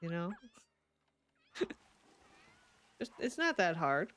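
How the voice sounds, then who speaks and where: A woman's voice: fairly low pitch, very animated, extremely slow, fairly bright tone. A young woman streaming a life-sim game, chatting casually and giggling as she talks to her characters, sleepy and yawning. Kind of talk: casual live game commentary.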